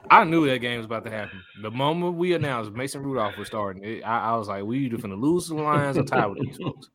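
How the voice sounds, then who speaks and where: A man's voice: medium pitch, expressive, quick pace, sharp tone, rough recording. A man co-hosting a sports podcast, speaking bluntly and wryly about his team. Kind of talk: casual sports chat.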